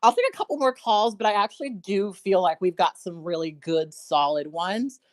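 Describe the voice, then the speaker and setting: A woman's voice: medium pitch, moderate pace, no room sound. A woman hosting a live call-in show, talking casually and reassuring her nervous callers. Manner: friendly and reassuring toward callers.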